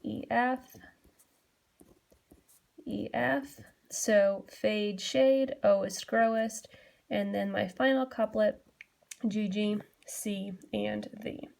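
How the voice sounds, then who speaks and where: A woman's voice: medium pitch, drawn-out words, gravelly, long pauses. Patient woman teacher explaining step by step. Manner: patient, steady explaining with frequent "um" and "so". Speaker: English teacher. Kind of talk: classroom lesson explaining poetry.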